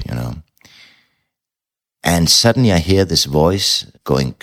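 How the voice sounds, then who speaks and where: A man's voice: low voice, animated, a little slow, long pauses, fairly bright tone. A middle-aged man, a novelist telling a personal story in an interview, blunt and candid, swearing casually.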